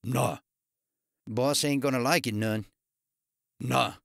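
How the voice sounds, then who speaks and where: A man's voice: medium pitch, takes it slowly, creaky, no echo, clean studio sound. A man doing a terse thug. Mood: gruff. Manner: terse, grumbling. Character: giant gruff tattooed Australian thug.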